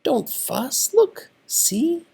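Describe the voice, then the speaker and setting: A man voicing a small, kind mouse who soothes and reassures a friend in a high voice. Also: big pitch swings, drawn-out words, creaky, darkish tone, exaggerated voice. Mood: reassuring.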